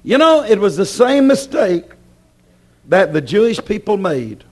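A man preaching a sermon with passion, acting out his listeners' objections and swinging between loud declarations and hushed warnings. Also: sits high, sing-song, measured pace. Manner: voices imagined objections from the congregation.

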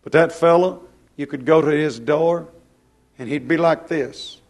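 A man preaching a plain-spoken, folksy sermon, swinging from loud to hushed. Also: on the high side, unhurried.

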